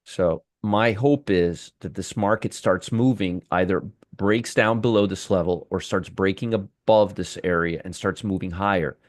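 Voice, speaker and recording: A man's voice: sits low, a little slow, few pauses, dry recording, studio quality. A man hosting a live trading room, commenting on the market with heavy sarcasm, restarting and trailing off as he works his screens. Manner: sarcastic, talks to viewers and chat.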